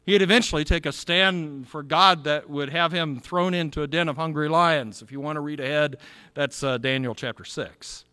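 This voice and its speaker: Pastor guy preaching, high bright voice, earnest, big echoey church hall. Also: moderate pace, smooth. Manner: earnest, building to fervent appeals. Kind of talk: sermon.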